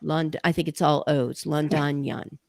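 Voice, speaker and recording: A woman's voice: low voice, flat delivery, unhurried, creaky, a little mellow, dry recording. Chatty older woman hosting, dry sound. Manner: enthusiastic, chatty storyteller. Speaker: podcast host. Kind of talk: casual interview chat.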